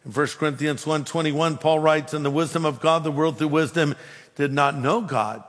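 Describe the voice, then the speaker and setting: A man preaching a sermon, telling a humorous personal story in an animated way. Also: fairly high pitch, moderate pace, big-room sound. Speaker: pastor.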